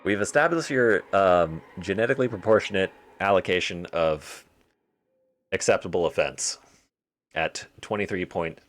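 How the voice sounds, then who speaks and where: Casually commentating a game on a live stream, a young man jokes and rambles to his chat and himself. His voice sits low and moves at a normal speed.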